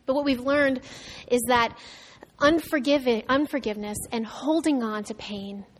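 A woman pastor preaching a sermon in a conversational way, swinging between raised emphasis and soft, quiet moments. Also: high voice, normal speed. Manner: conversational preaching with restarts and asides.

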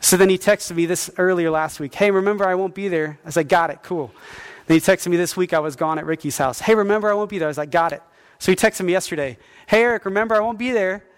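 A middle-aged male pastor delivers a sermon, telling a personal story with energy. He acts out the quotes as he goes. His voice sits high for a man. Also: fast. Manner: animated storytelling with acted-out quotes.

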